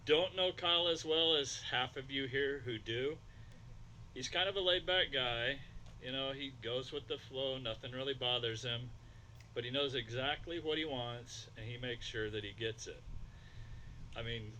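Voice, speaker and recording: A middle-aged father of the groom tells folksy stories about his son in an emotional wedding toast. His voice is very bright and forceful, with quoted dialogue woven through. A faint hum of the reception is audible behind him. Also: mid-range voice, low-quality recording.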